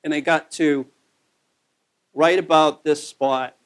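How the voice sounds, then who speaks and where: A man's voice: a little high, fairly even intonation, slow. A man giving a conversational local history talk over a slide show, telling the story with plenty of fillers.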